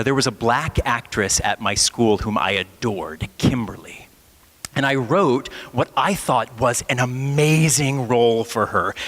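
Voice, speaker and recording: A man from Ohio, a pastor in his thirties, tells a wry, self-mocking story from the pulpit at an unhurried pace. His mid-pitched voice rings out with the long reverb of a large church hall. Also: fairly bright tone. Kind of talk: sermon with personal storytelling.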